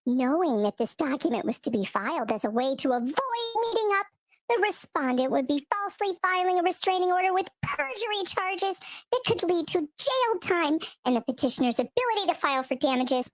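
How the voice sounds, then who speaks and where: A performer putting on a high, prim woman's voice to read out a court filing, recorded dry and close. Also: sing-song, a little fast, no room sound. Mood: mock-prim.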